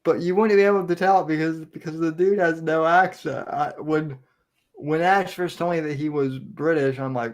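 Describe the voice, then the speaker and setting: A man's voice: fairly high pitch, fairly even intonation, normal speed. Hesitant, stammering man. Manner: hesitant, stammering, many restarts. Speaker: podcast co-host. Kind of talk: casual podcast banter.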